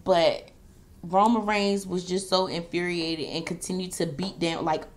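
Animated woman recapping a wrestling match. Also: on the low side, moderate pace. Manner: animated storytelling, quoting wrestlers in a raised voice. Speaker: beauty and wrestling vlogger. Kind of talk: casual recap while doing makeup.

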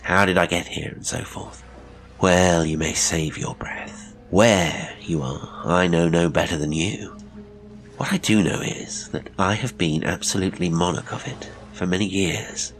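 Man reading cold suave villain, sneering, biting, very deep voice, audiobook. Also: a bit bright.

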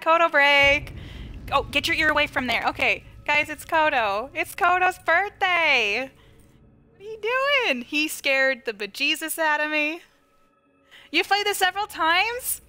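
A high, bright-voiced woman gives live commentary on a horror game from her couch at home. She talks close to the microphone, jumps at scares, giggles often, and chats with her viewers and her dog. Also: unhurried. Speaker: game streamer.

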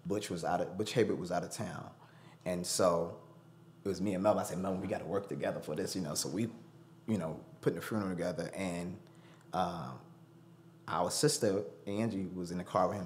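A man's voice: deep voice, a little hiss or hum. A man telling a personal story as a studio guest, acting out the voices he quotes. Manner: animated, acts out quoted voices. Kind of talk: storytelling interview.

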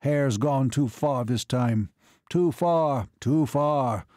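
A man voicing an aging male transport magnate in an audiobook, croaking and agitated, repeating himself. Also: medium pitch, takes it slowly, dark tone, dry recording, clean studio sound, lightly acted.

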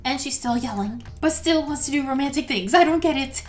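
A high, excitable woman commenting on her own gameplay, gushing and gasping all the way through. She talks like a gaming host chatting to her viewers, and faint music plays under her voice. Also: moderate pace. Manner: excitable and gushing, gasps often. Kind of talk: let's play commentary.

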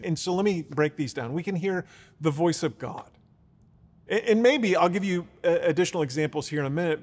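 Pastor, male, earnest teacher at the pulpit, voice sits a bit high, reverberant hall sound. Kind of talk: sermon.

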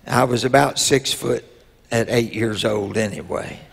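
Bishop, slow unhurried storytelling sermon, husky tone, echoing sanctuary. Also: male voice, mid-range voice, fairly even intonation. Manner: slow storytelling with drawn-out pauses; rises to loud emotional peaks. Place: church sanctuary. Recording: long reverb in a church hall.

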